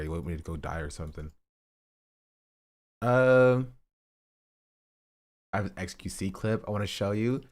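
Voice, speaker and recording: A man's voice: medium pitch, a little mellow. A man hosting a casual reaction stream, rambling and amused as he talks to his chat.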